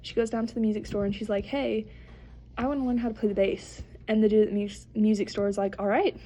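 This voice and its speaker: A woman's voice: medium pitch, level tone, quick pace, mellow, a little hiss or hum. A young woman, a podcast co-host, telling a long rambling joke with lots of fillers and acting out the characters' lines in her own voice.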